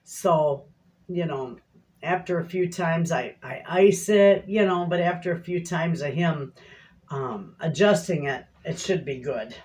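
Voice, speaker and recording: A woman's voice: low voice, measured pace, a little mellow. A middle-aged woman chatting casually to viewers in her home kitchen, a rambling, folksy storyteller. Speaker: homestead cooking vlogger.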